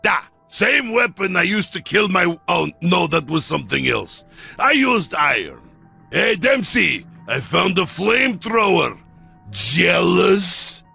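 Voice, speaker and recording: A boisterous Russian soldier from a video game, boasting with a thick Russian accent. The voice is high, bright and husky, with gravel in it, and the delivery is slow and full of shouts. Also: male voice, big pitch swings, faint music behind, full character voice. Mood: gleeful. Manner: boastful, gleeful bellowing. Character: boisterous vodka-loving male Russian soldier.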